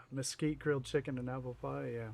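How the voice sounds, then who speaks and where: A man's voice: mid-range voice, level tone, moderate pace, vocal fry, darkish tone, slight background noise. A man livestreaming a building game, chatting casually and wryly teasing his viewers as he plays. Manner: wry, teasing chat, frequent laughs. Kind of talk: casual gameplay chat with viewers.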